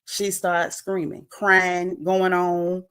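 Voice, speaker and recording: Speaking extremely slowly in a fairly low, clean-toned voice, this woman recaps a reality show in a casual livestream chat. She narrates with animated vocal swings, performs what cast members said, and reads out viewer comments.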